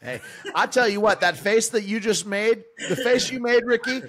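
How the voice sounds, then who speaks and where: A man's voice: sits high, normal speed, a bit bright, slight background noise. A man hosting a podcast who teases his guests and asks long, rambling questions. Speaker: podcast host. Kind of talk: casual podcast chat.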